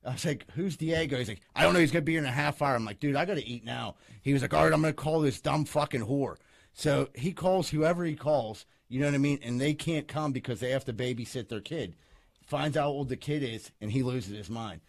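A man's voice: mid-range voice, quick pace, creaky. A man casually telling a crude, rambling story among friends on a podcast.

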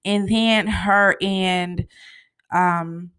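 A woman's voice: medium pitch, drawn-out words, smooth. Chatty woman recapping a TV episode. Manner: chatty and animated, peppered with "you know" and "honey". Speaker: TV show recap host.

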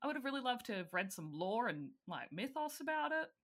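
A woman's voice: fairly high pitch, sing-song, brisk, a bit bright. A woman casually recapping a film's plot, giggling often. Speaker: podcast co-host. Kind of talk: casual chat recapping a film.

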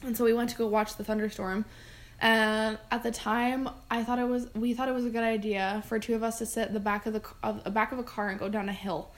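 A woman's voice: on the high side, little pitch movement, quick pace. A young woman, a podcast co-host, telling casual stories in a rambling way, laughing often and filling her talk with "like". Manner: rambling, laughing, many fillers. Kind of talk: casual storytelling.

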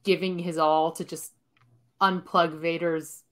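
A woman's voice: on the low side, little pitch movement, a little slow. A woman in a casual podcast chat, earnestly thinking aloud with many fillers.

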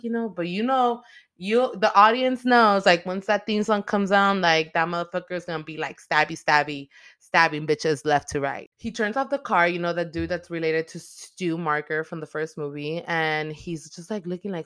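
Woman host, low-pitched and dry-sounding, animated profane movie recap in heavy slang. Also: moderate pace, dry recording.

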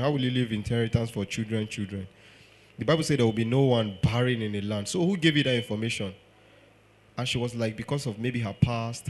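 Animated Nigerian preacher. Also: male voice, mid-range voice. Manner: animated, rhetorical questions, acted-out quotes. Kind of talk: sermon.

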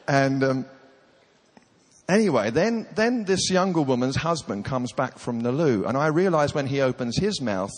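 A man's voice: medium pitch, lively intonation, moderate pace. Brief: male preacher, has a cold, joking and chatty, long hall reverb. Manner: self-deprecating, chatty, dry humor. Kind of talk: humorous sermon storytelling. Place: large hall with audience.

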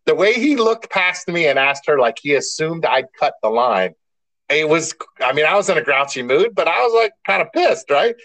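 A man's voice: fairly high pitch, big pitch swings, normal speed, a bit bright, dry recording, low-quality recording. A man co-hosting a podcast in casual chat, a rambling storyteller who restarts often and swears mildly. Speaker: podcast co-host.

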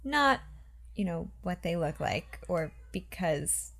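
A woman's voice: on the low side, sing-song, slow pace, gravelly, fairly bright tone, slight background noise. A woman co-hosting a podcast in casual chat, rambling a little with fillers and restarts. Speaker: podcast co-host.

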